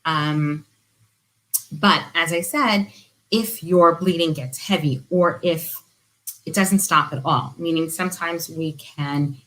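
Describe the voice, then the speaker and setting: A middle-aged woman giving gentle, earnest advice as a support counselor in an informal talk. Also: low-pitched, takes it slowly, rough recording. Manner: briefly drops to a whisper.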